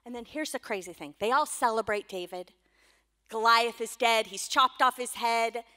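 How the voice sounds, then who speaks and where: A woman pastor giving a sermon in a church, telling stories in a playful, animated way with quick asides. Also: fairly high pitch, big-room sound. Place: church sanctuary.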